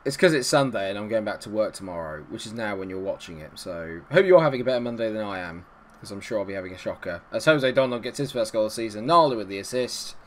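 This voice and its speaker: A man hosting a gaming channel, giving excitable, ranting commentary on his own game. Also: fairly low pitch, fast talker, slight background noise.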